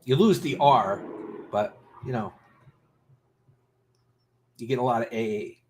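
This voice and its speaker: A man's voice: medium pitch, takes it slowly, slight background noise. A man in his fifties from Rhode Island chatting loosely as host of a livestream. His talk rambles and trails off, and he pokes fun at himself. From Rhode Island, USA. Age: 50s. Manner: rambling, self-deprecating, trails off. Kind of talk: casual livestream chat.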